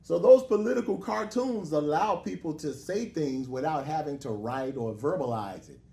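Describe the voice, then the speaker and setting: A man's voice: fairly high pitch, lively intonation, moderate pace, vocal fry, mellow. A man, a minister, preaching a lecture-style sermon with joking asides and call-and-response. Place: hall with a live congregation. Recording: echoey hall.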